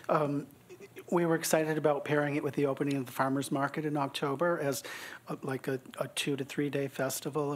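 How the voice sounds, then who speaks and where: A man on a city commission adding to a committee report at a public meeting, relaxed and informal. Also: mid-range voice.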